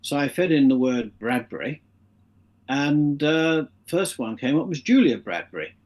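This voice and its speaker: A man's voice: mid-range voice, animated, unhurried, a little mellow. A middle-aged man, a guest in an interview, telling long anecdotes and acting out the voices of the people in them. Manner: anecdotal, acts out the voices in his stories. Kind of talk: casual interview storytelling.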